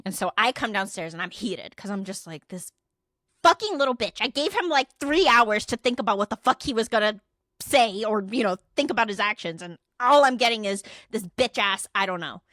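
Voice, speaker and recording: A young adult woman co-hosting a podcast, retelling a story in casual chat, animated and profane, acting out quoted dialogue. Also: a little high, fairly quick, no room sound, studio quality. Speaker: podcast co-host.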